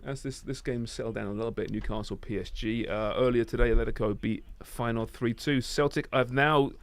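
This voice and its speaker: A male co-host chatting at a football watch party, his voice sitting in an ordinary middle pitch. He teases with deadpan jokes, and the recording is dry and close with no room sound. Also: fairly quick, dry recording. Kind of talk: casual watch-party chat.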